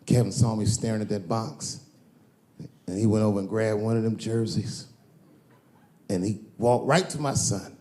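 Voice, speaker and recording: A man's voice: lowish voice, normal speed, long pauses, dark tone. A middle-aged man performing a stand-up comedy set, telling profane stories with sudden bursts of emphasis.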